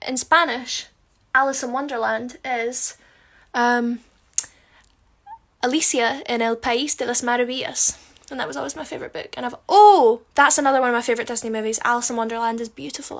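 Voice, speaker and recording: A young woman chatting casually on a phone livestream at home, reading out comments, dropping into murmured asides between lively bursts and lots of ums. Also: high-pitched, gravelly. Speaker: musical theatre performer on a live stream. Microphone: phone camera close up.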